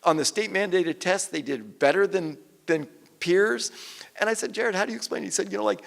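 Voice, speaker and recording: This is an older man speaking at an evening event, his voice slightly high with a gravelly edge. He tells stories animatedly, slipping into quoted voices, and the sound carries a long hall reverb. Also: brisk. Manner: animated storyteller, quotes people in lively voices. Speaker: author and guest speaker. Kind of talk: conversational stage talk.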